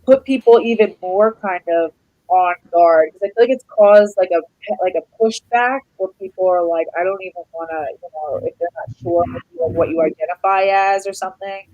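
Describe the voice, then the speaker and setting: A woman's voice: mid-range voice, normal speed, mellow, dull audio. Congested woman hosting a casual chat. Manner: chatty, many fillers, reads live chat aloud. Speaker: podcast host.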